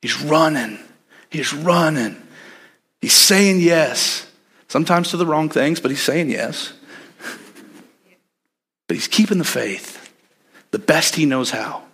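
A man's voice: fairly high pitch, expressive, a little slow, pauses often, fairly bright tone, slightly rough. A man preaching a sermon in a conversational, reflective and earnest way. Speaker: pastor.

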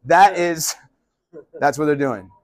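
A male pastor giving a casual, animated sermon. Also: a little high, takes it slowly, no room sound, clean studio sound. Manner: animated, conversational preaching.

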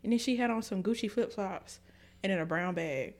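A woman co-hosting a casual podcast, telling a story with lively energy and plenty of swearing. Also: medium pitch, fairly quick. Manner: animated storytelling, swears freely. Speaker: podcast co-host. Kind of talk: casual chat.

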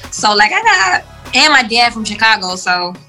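Young woman, Atlanta Southern accent, fairly high voice, casual guest chat, lots of fillers. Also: sing-song, moderate pace, sharp tone, soft background music, low-quality recording. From Atlanta, Georgia, US. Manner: loose, filler-heavy talk with frequent "like". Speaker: guest musician.

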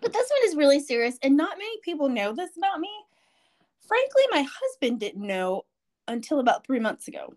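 A podcast co-host with a high-pitched voice talks fairly quickly, telling stories in relaxed chat. She's an animated storyteller who laughs easily, sometimes until she's in tears.

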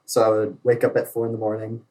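A man's voice: lowish voice, completely flat delivery, fast, mellow, low-quality recording. Young man rambling with filler likes. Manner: rambling, many filler likes, laughs often. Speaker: guest, navy sailor. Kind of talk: casual storytelling chat.

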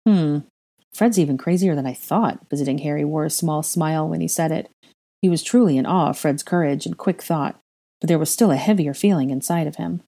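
Woman reading fan fiction aloud, low voice, warm and mellow, steady. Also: a little fast, gravelly. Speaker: narrator. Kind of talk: fan fiction audiobook narration.

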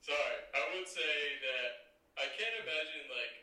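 A man's voice: on the high side, expressive, normal speed, sharp tone. A man in a casual podcast chat about a film, rambling with lots of filler words. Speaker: podcast co-host. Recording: distant mic in an echoey room.

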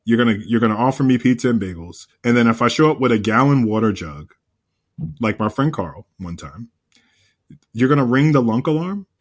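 A man co-hosting a podcast in casual chat, an animated storyteller who repeats himself and swears freely. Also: medium pitch. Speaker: podcast co-host.

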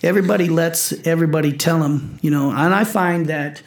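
A man's voice: a little high, fairly quick, creaky. Intense forty-something man, echoey room. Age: 40s. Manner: intense, swearing, acts out his own quotes. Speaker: powerlifter and coach. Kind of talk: casual podcast chat.

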